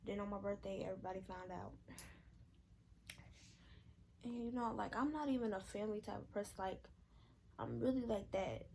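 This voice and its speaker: A woman's voice: medium pitch, gravelly, a little mellow, slight background noise, rough recording. A young woman telling a casual storytime vlog, candid and rambling with slang and swearing, sounding out of breath. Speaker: vlogger.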